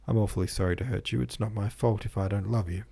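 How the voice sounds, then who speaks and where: A man reading the part of a regretful young man who speaks gravely and quietly. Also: lowish voice, fairly even intonation, quick pace, no echo.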